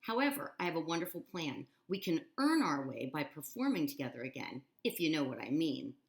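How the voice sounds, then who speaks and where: A woman's voice: sits low, big pitch swings, fairly quick, gravelly, exaggerated voice. A woman reading aloud and voicing a theatrical, fussy grown man showman in a storybook, dramatic and wheedling. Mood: coaxing.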